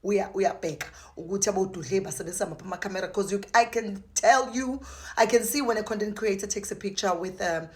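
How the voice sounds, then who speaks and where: A woman, chatting casually to her camera in a vlog and switching languages, with bursts of excitement. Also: mid-range voice, fast. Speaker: content creator.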